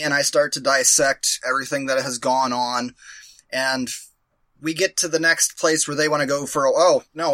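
Bright-voiced man telling a rambling story. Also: medium pitch, no room sound. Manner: rambling, profane, self-mocking. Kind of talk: casual storytelling.

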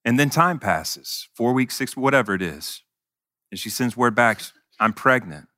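A man's voice: medium pitch, animated, measured pace, pushed and bright, no echo, studio quality. A male pastor preaching a sermon in an earnest, conversational way, with touches of self-deprecating humor.

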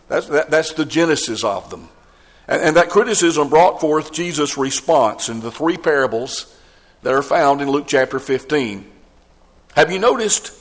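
A man preaching a sermon with earnest, rising emphasis, often restarting his phrases as he drives a point home. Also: on the high side. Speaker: pastor. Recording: long hall reverb.

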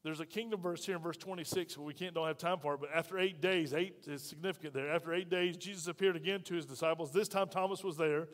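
Male pastor, high voice, emphatic sermon style, heavy hall reverb. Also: steady tone, fast talker, few pauses. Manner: emphatic, with frequent rhetorical questions to the congregation. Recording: long reverb of a large hall.

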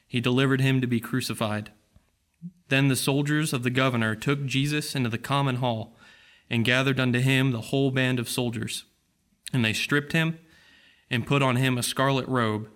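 A man reading a gospel passage aloud in church in a steady, plain way. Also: mid-range voice. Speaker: scripture reader.

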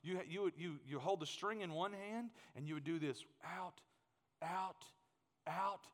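A man preaching a sermon, telling a funny story in an animated way and acting out the scenes. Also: sits high, measured pace. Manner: animated, humorous, acts out scenes. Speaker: pastor. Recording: long hall reverb.

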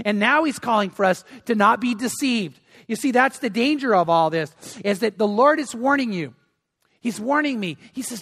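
A man's voice: extremely high pitch, animated, normal speed, a bit bright, big-room sound. An older man, a grandfather, preaching a sermon as pastor, earnest and repeating phrases for emphasis. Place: church.

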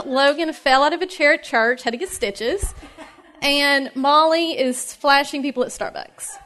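A high, bright-pitched woman in her thirties from Tennessee, speaking with an East Tennessee Southern accent. She gives a personal faith talk to a room of mothers, chatty and heartfelt, dotting her sentences with "um" and quick laughs. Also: slight background noise. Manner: chatty and heartfelt, many fillers, laughs often. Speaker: speaker at a moms' ministry meeting.

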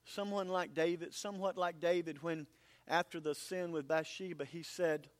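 A man preaches a sermon as pastor, earnest and emphatic, in a fairly high voice with fairly even intonation at normal speed.

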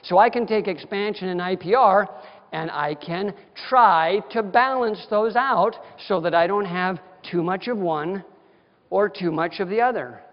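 Man, high voice, folksy and emphatic lecturer, dull sound in a long-reverb hall. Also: measured pace. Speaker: dental lecturer. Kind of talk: continuing-education lecture.

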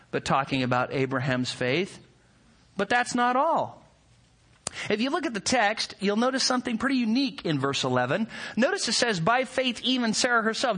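A man's voice: high voice, pushed and bright. A male pastor preaching a sermon that explains a text. He speaks emphatically, stresses key words and puts rhetorical questions to his listeners. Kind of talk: expository sermon.

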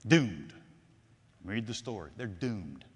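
A man preaching a sermon, swinging between loud declarations and hushed, drawn-out phrases and repeating his lines for effect. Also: mid-range voice, very animated. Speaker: pastor. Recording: long hall reverb.

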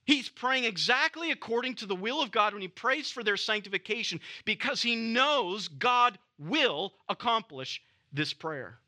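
A man delivers a sermon at an unhurried, deliberate pace, leaning on repetition to drive each point home. His voice sits high and sounds very bright. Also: expressive. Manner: measured, emphatic, repeats key phrases. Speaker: preacher. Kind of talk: expository sermon.

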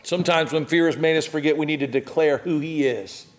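A man preaching a sermon as pastor, animated, with dramatic swings in loudness and emphasis. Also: fairly high pitch, brisk.

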